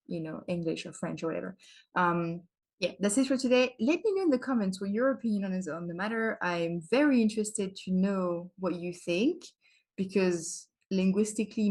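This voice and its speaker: A woman's voice: mid-range voice, a little mellow. Chatty young woman vlogging opinions. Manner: chatty, opinionated, often asks "right?" and "you know". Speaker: language-learning video host. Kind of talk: casual opinion vlog to camera.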